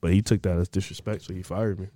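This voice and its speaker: A man's voice: low voice, fairly even intonation, quick pace, warm tone, no room sound, clean studio sound. A young man in casual chat, telling stories in slang and laughing often as he retells them.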